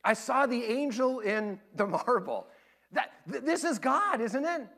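A man preaching a sermon, telling stories in an animated way and acting out the voices he quotes. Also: extremely high pitch, unhurried. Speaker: pastor.

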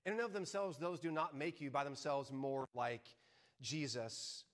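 A middle-aged man preaching a sermon, an animated storyteller who acts out his own shouts. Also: a little high. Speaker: pastor.

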